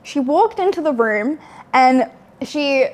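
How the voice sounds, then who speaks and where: Young woman vlogger, fairly high voice, blunt, swears a lot, talks in fillers. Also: animated, slow pace, a little mellow. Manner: blunt and frank, swears often, many fillers. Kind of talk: candid storytelling.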